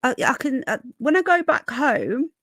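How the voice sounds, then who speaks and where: A woman's voice: sits high, expressive, moderate pace, fairly bright tone, no room sound, studio quality. A woman from Birmingham with a toned-down Brummie accent touched by Yorkshire, chatting casually as a livestream host and reading out viewer comments. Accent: toned-down Birmingham with a bit of Yorkshire. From Birmingham, England. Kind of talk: casual live-stream chat reading comments.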